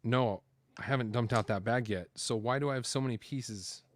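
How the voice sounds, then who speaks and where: A man's voice: mid-range voice, normal speed. A man hosting a casual building video, talking his way through the build in a chatty, rambling way with lots of fillers. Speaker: host building LEGO on camera.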